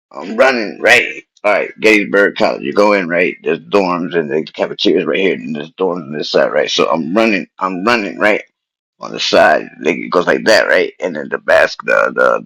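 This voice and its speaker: A man casually telling a personal story in street slang, animated and repeating himself as he goes. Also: low-pitched, creaky, husky, poor audio.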